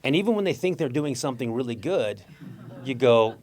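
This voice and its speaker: Middle-aged guy telling funny stories, acts out voices, laughs a lot, mid pitch. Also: expressive, fairly quick, darkish tone. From Mexican-American. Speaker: guest speaker. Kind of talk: storytelling talk.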